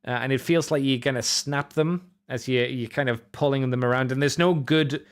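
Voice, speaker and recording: A man's voice: medium pitch, steady tone, moderate pace, clear, resonant tone. A man hosting a podcast, chatting casually in a rambling, self-correcting way as he reviews toys. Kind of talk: casual solo review chat.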